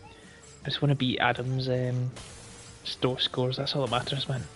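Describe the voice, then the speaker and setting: A young man chatting casually while playing a video game, playful and quick to laugh. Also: mid-range voice, level tone, faint music behind. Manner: playful, bursts into loud laughs and movie quotes. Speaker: gamer. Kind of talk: casual chat while gaming.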